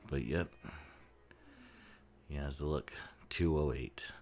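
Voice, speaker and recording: Very deep-voiced man riffing on a movie. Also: a little slow, vocal fry, long pauses, a little mellow. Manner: rambling, laughs often, swears freely. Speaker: movie commentary host. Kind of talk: casual film commentary.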